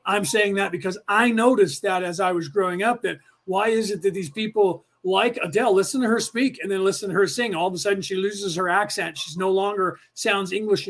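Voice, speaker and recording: A man's voice: sits high, a little fast, fairly bright tone. An American man hosting a podcast class, talking in a rambling, opinionated way with many fillers and restarts. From United States. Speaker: podcast host and class teacher. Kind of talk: casual rambling lecture.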